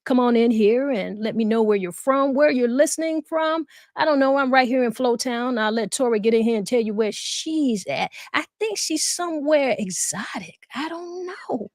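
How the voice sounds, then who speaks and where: A woman's voice: on the high side, lively intonation, normal speed, few pauses, dry recording, studio quality. A tired woman co-hosting a live talk show, chatting casually and folksily with her viewers. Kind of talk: casual live-stream chat.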